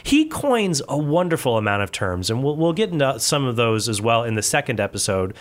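A man hosting a podcast, chatting casually with a guest and joking in quick asides. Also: medium pitch, sing-song. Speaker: podcast host. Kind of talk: casual interview chat.

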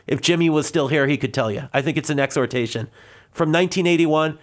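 A man's voice: on the high side, quick pace. A man from Connecticut answering a caller on a live radio show, a little out of breath, earnest and rambling with many restarts. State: slightly out of breath. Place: radio studio.

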